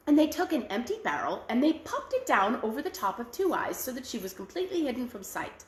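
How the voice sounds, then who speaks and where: A woman storyteller for a library, reading a fairy tale aloud in an animated, expressive way. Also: on the high side, quick pace, few pauses, echoey room.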